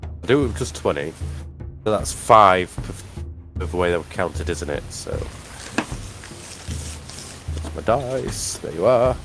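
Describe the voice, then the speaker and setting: A low-voiced man runs a tabletop game in a relaxed, mumbling way. Faint music plays behind him. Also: measured pace, pauses often. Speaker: game master.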